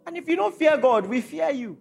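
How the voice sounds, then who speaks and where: A man's voice: very high voice, expressive, fairly quick, creaky, faint music behind. A man preaching a sermon to a congregation, driving points home with repeated rhetorical questions.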